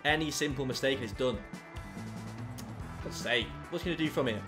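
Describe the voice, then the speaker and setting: A young man commentating his own football video game, swinging from low muttering to loud yelling. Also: a little fast, music in the background. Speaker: gaming YouTuber. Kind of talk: live gameplay commentary.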